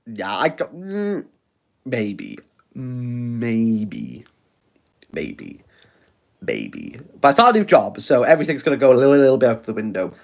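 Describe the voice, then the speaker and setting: A man's voice: mid-range voice, big pitch swings, fast, hardly any pauses. Rambling self-mocking Welsh man. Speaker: book reviewer livestreaming. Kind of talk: casual livestream chat. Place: his home. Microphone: phone.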